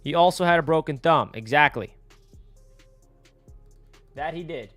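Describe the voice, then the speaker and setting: A young man from the United States hosting a casual live stream, chatty and rambling, answering viewers and now and then breaking into excited yells. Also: a little high, unhurried, dry recording, faint music behind. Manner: excitable, rambling, bursts into yelling.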